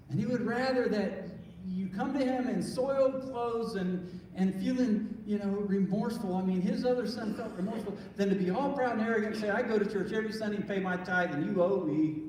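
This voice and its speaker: High-voiced pastor preaching in echoey hall. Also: male voice, darkish tone, far from the mic, slight background noise. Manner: earnest, conversational preaching with many restarts. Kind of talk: sermon. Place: church sanctuary.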